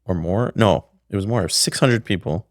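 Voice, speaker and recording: Podcast guest: a middle-aged man, low gravelly voice, a rambling storyteller. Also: normal speed, no echo, studio quality. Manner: rambling, with many restarts and "like". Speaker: podcast guest, pickle maker. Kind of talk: casual storytelling.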